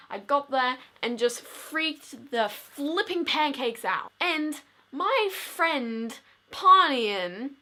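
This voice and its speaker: Bright-voiced chatty teen girl vlogger. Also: high-pitched. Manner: chatty, dramatic, fills speech with "like". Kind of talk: casual storytelling vlog.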